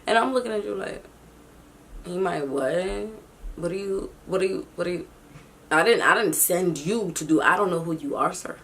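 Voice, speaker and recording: A young woman telling a storytime vlog, acting out the people she quotes in an animated way. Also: moderate pace, gravelly, slight background noise. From New York City. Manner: animated, acts out quotes with big pitch jumps. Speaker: YouTube vlogger.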